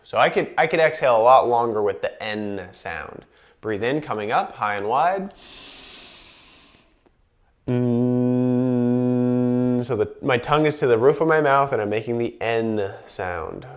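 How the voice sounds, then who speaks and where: A man leading a guided breathing and movement class, calmly cueing each inhale and exhale, with chatty asides between cues. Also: medium pitch, normal speed. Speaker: movement instructor.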